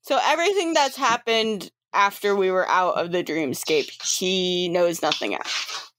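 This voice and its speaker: A woman's voice: lowish voice, lively intonation, unhurried, fairly bright tone. A woman chatting casually in a tabletop game session, narrating scenes.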